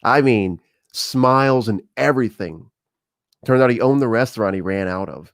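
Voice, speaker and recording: A man's voice: medium pitch, normal speed, dry recording, studio quality. An American man hosting a live-streamed talk show, telling personal stories in a conversational way with frequent fillers and restarts. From United States. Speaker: show host.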